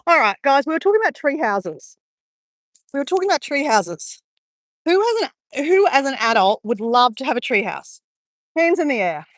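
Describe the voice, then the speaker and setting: A woman's voice: high voice, very animated, moderate pace, fairly bright tone, no echo, clean studio sound. Chatty woman on a beach stroll. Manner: rambling and chatty, greets viewers while walking. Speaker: live-streaming vlogger. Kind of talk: casual live-stream chat. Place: outdoors on a beach.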